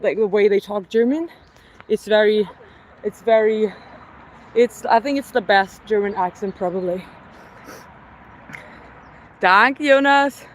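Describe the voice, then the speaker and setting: A fairly high-pitched woman talks casually while working out in the open air. She reads out viewer comments, answers them, and counts her reps. Faint traffic hums in the background. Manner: chatty, reads viewer comments aloud between sets; counts exercise reps, winded. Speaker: fitness vlogger. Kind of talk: casual live-stream workout chat. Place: outdoors in a city. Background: faint traffic and street noise.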